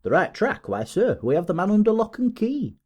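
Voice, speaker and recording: A man voicing a pompous, boastful male police detective in an audiobook, talking in excited, self-satisfied bluster. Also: mid-range voice, brisk. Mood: triumphant.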